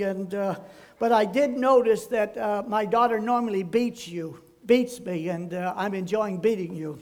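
A man's voice: high voice, unhurried. An older man, a pastor, giving a folksy sermon full of homespun, rambling anecdotes.

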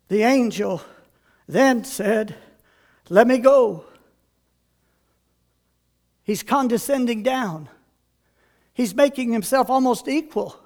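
A man preaching a sermon, animated, moving from slow and deliberate stretches to loud exhortation. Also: high-pitched.

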